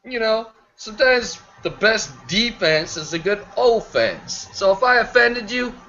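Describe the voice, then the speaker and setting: A brash man with a bright, cutting, slightly high voice rants profanely over an online call. He boasts, shouts, then drops to a mutter. The audio is muffled and lo-fi, with a faint hiss. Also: big pitch swings, a little slow. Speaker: guest on a live online show. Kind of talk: crude ranting chat. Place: online video hangout.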